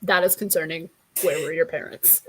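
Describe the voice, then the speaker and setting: A woman's voice: low-pitched, steady tone, moderate pace, breathy edge, dry recording, poor audio. Blunt, wry woman in her twenties. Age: 20s. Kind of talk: casual chat.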